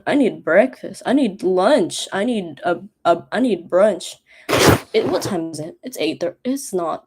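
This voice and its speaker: Rambling young woman, mellow low voice. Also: slightly rough. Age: young adult. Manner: rambling, chatty, self-mocking. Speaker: college student streamer. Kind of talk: casual study stream.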